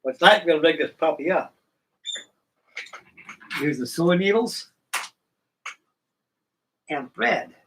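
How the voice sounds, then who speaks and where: A man's voice: on the high side, lively intonation, measured pace, pauses often, fairly bright tone, far from the mic, slight background noise, low-quality recording. A middle-aged man hosting a live stream, chatting casually and folksily while he builds models, with rambling talk and casual swearing.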